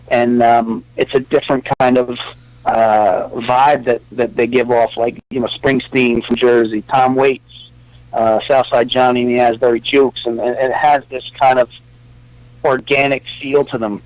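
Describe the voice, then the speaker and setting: A man's voice: mid-range voice, flat delivery, normal speed, a little mellow, no echo, low-quality recording. Talkative man with a New York accent. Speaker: musician guest. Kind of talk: casual interview chat.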